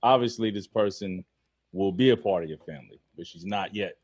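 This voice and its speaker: Earnest, halting male podcast co-host. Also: deep voice, darkish tone, dry recording. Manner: earnest, halting, searches for words. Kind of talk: casual podcast chat.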